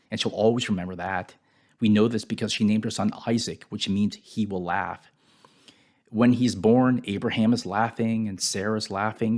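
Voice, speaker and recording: A man with a fairly low voice gives a reflective devotional Bible teaching, softening his voice on painful words.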